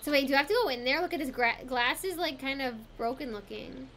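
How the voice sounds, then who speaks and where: A woman streamer giving excitable, gasping commentary as she plays a game live and chats to her viewers. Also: sits high, fast talker, a little hiss or hum. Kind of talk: live let's play commentary. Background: game music.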